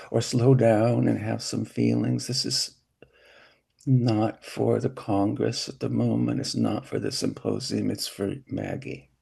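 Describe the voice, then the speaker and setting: Middle-aged man, gravelly and dark, slow and gentle, therapy demo at a symposium. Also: medium pitch. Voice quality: gravelly, gentle and hesitant with many restarts. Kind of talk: therapy session demonstration. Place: symposium hall, hybrid session.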